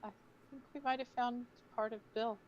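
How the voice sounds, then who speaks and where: A woman playing a tabletop game over a call, chatting in a lively, giggly way about her character. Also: fairly high pitch, moderate pace, highs cut off, slight background noise. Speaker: player. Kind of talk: casual tabletop game talk. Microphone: online voice call.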